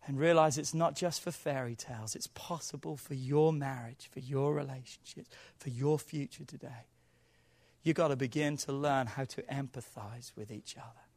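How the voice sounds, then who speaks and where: A man preaching a sermon with animated delivery who acts out quoted arguments and sometimes rises to shouting. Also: on the high side. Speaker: pastor.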